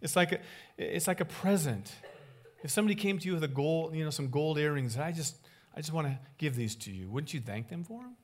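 Animated male pastor preaching. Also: fairly high pitch, brisk. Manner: animated, acts out little dialogues with wide swings in loudness. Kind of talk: sermon.

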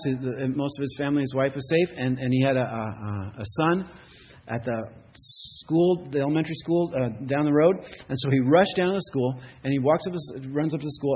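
A man's voice: mid-range voice, a little mellow, slightly rough. A man preaching a sermon, telling a story and building to impassioned rhetorical questions. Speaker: pastor.

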